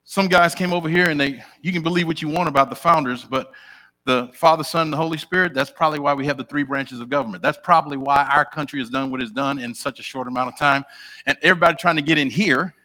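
A man's voice: a little high, fast. A middle-aged man preaching a sermon in a church, chatting directly with his congregation and asking them questions. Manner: animated, conversational, talks directly with the congregation.

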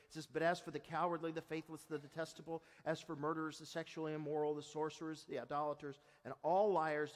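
A man with a high voice preaches a sermon, leaning hard into some lines and dropping to a near hush on others. His voice rings out with a long reverb. He speaks as a pastor to his congregation. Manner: swings between loud emphasis and soft, hushed delivery.

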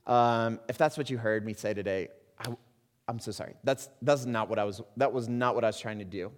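A middle-aged man preaching a sermon as pastor, earnest and swinging between soft, confiding words and loud exhortation. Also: fairly low pitch, brisk. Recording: long hall reverb.

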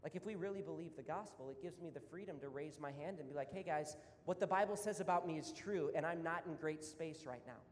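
A man's voice: fast talker, few pauses. A man preaching a sermon as pastor, talking conversationally and then building to fervent emphasis. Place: church hall. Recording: roomy hall reverb, faint rumble.

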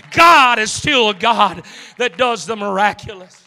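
A man preaching an impassioned sermon, acting out voices and swinging from shouts to hushed lines. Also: high-pitched, animated, a little slow, long reverb tail. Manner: dramatic, acts out the beggar's inner voice, swings from shouting to hushed.

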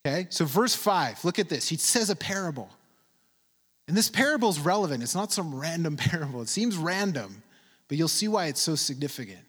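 A man preaching a sermon in an emphatic style, stretching key words slowly for emphasis. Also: on the high side, big pitch swings, a bit bright, breathy edge. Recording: long reverb from a large hall.

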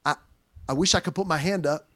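High-voiced animated male preacher. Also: fairly quick. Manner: animated, conversational preaching with slang asides. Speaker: pastor. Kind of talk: sermon.

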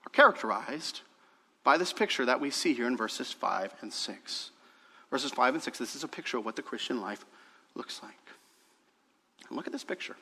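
A man preaching a sermon as pastor, swinging between emphatic raised passages and quiet, hushed stretches. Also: medium pitch. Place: church sanctuary. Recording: long hall reverb.

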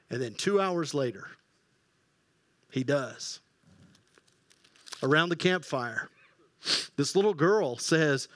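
A man preaching a sermon as pastor, telling the story with lively acted-out quotes and hushed quiet passages. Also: sits high, measured pace, no room sound, studio quality. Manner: animated storytelling, acting out quoted voices, dropping to hushed tones.

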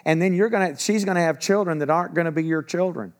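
Brief: high-pitched middle-aged male preacher, reads scripture, drops into casual asides. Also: quick pace. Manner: reads verses then breaks into casual asides. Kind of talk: sermon reading and explaining scripture.

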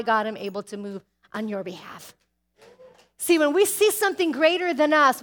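A woman preaching a sermon with emphatic, rising exhortations. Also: high-pitched.

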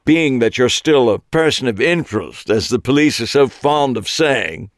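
A man voicing a flamboyant British man with a nasal accent who talks far too loudly and theatrically. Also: very animated, measured pace, no room sound, clean studio sound. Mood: gushing. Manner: booming, theatrical, gossipy.

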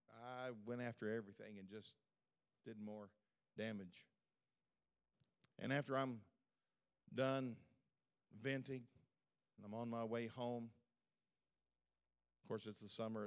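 A man's voice: medium pitch, clear, resonant tone. A male pastor preaching a sermon at a church service in a fervent, conversational way, with lots of repetition.

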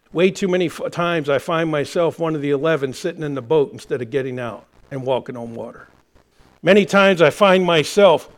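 A man preaching a sermon as pastor, with passionate delivery that builds to shouting. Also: high voice. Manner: impassioned preaching, rising to shouts.

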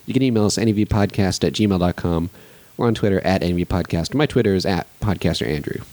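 A young man hosting a casual podcast, running the segments in a brisk plug-reading manner. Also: sits low, a little mellow, no echo. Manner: brisk, promotional, runs the show. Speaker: podcast host.

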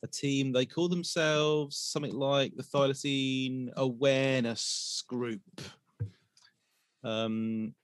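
Guy chatting on a podcast, mid pitch, lots of ums and restarts, dry close sound. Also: fairly even intonation, slow, dry recording. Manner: rambling, hesitant, full of restarts and laughter. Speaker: podcast host. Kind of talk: casual podcast chat.

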